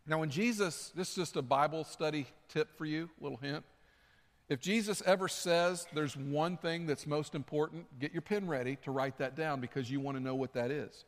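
A male pastor delivering a sermon in a relaxed, conversational way and repeating his key points for emphasis. His voice sits somewhat high, and it carries a long reverb from the hall. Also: fairly quick.

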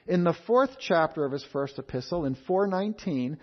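A man preaching an expository sermon in a measured, emphatic way, repeating key phrases. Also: a little high, animated. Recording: dull lo-fi sound.

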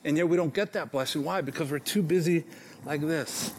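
A man's voice: on the high side, fairly quick, a little hiss or hum. A man in his forties preaching a sermon to his congregation in a church, talking in a conversational, self-deprecating way and often checking in with "okay?". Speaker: pastor. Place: church sanctuary.

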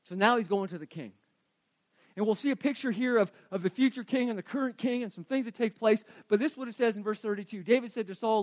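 A man preaching a sermon, retelling scripture in an animated, conversational way. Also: high voice, quick pace, dry recording. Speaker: pastor.

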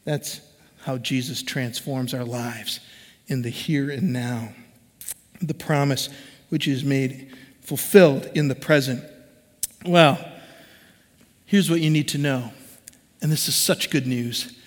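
A man in his forties preaching a sermon as a pastor, conversational and animated, acting out the voices he quotes. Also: mid-range voice, slow, pauses often, big-room sound.

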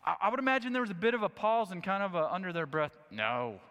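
Man, preacher, high voice, sermon, animated storytelling, echoing hall. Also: very fast, clear, resonant tone. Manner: animated storytelling, acting out scenes. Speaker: pastor.

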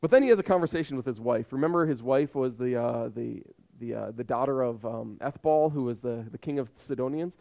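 A man's voice: medium pitch, fairly quick, creaky, few pauses, darkish tone. A man in his thirties preaching a sermon with emphatic repetition and rhetorical questions. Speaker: pastor.

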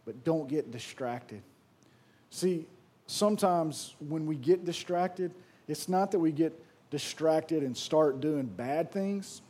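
A middle-aged man preaching a sermon, telling stories in a lively way with frequent restarts. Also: fairly high pitch, slow. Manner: lively storytelling with repeated restarts. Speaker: pastor.

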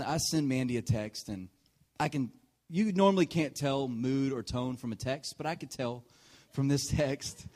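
A man in his thirties preaching a sermon, telling a personal story with frequent laughs and sudden shifts from quiet asides to loud punchlines. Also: medium pitch. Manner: animated storyteller, often laughing mid-sentence; swings between hushed asides and loud punchlines. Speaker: pastor.

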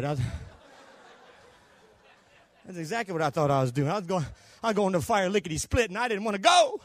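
An older man preaching a Pentecostal sermon, telling a story and acting out the dialogue, going from hushed to shouting. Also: very high-pitched, animated, fast, no room sound. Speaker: pastor.

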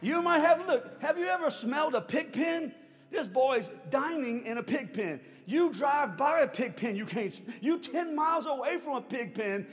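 High-voiced preacher in a reverberant hall. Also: male voice. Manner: swings from hushed to shouting; storytelling with chuckles. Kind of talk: sermon. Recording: long hall reverb, faint music.

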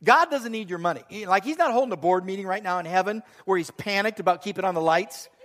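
A middle-aged male pastor with a high voice delivers a sermon in church. He speaks earnestly and breaks up the preaching with joking asides. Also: quick pace, fairly bright tone.

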